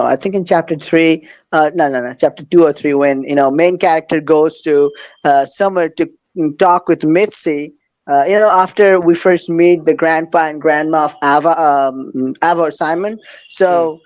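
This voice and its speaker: A man with a fairly high voice hosts a casual podcast chat. He is hesitant, stopping and restarting often. He stays eager and enthusiastic while he talks. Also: normal speed, darkish tone, rough recording.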